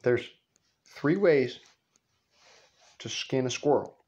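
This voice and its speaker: A man voicing a patient rural father slowly teaching his son in an instructive drawl. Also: medium pitch, animated, darkish tone. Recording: muffled lo-fi recording.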